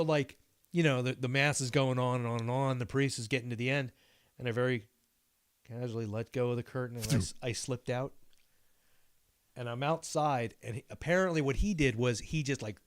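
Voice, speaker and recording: A middle-aged man spins a rambling, profanity-laced story in casual podcast chat. His voice sits at an ordinary middle pitch, and he keeps piling on asides as he talks. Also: normal speed. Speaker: podcast co-host.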